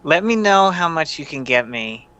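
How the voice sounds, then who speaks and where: A man's voice: a little high, sing-song, normal speed, sharp tone, smooth, highs cut off. A man taking part as a player in a tabletop game, talking in a dry, matter-of-fact way.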